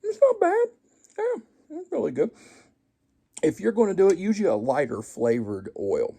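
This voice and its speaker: Brief: male cooking vlogger, folksy and self-deprecating, husky voice with a lively, swooping delivery. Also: fairly low pitch. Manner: folksy, self-deprecating, joking asides to viewers. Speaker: home cooking show host. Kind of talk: casual cooking vlog, tasting and chatting.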